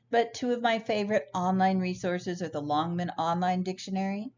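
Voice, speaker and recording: A woman teaching pronunciation, pitched a little low. She speaks slowly and carefully, sounding out example words. The recording is slightly dull and lo-fi. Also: darkish tone. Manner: slow, clear teaching delivery with careful word examples. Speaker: ESL teacher. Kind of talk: recorded lesson.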